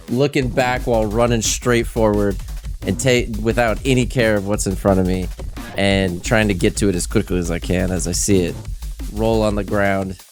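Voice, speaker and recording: A man playing in a tabletop game, excitedly describing his character's actions. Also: fairly low pitch. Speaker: player. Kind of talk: casual tabletop role-play.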